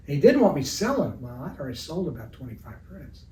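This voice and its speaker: A man's voice: on the high side, sing-song, quick pace, few pauses, warm tone. Older man telling a rambling story. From Evansville, Indiana area. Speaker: retired art teacher and sports artist. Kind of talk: casual storytelling in an interview. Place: his art studio. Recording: roomy, distant mic with faint noise.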